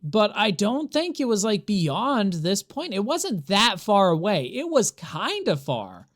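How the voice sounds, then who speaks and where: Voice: mid-range voice, big pitch swings, takes it slowly. A streamer chatting to viewers during a live gameplay stream, rambling and exasperated, laughing often. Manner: exasperated, rambling, talks to chat while playing.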